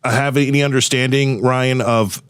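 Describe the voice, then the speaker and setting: A man's voice: mid-range voice, steady tone, moderate pace, fairly bright tone, clean tone, no echo, clean studio sound. A man hosting a podcast, asking questions in a friendly, easygoing way. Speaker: podcast host. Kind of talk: casual podcast chat.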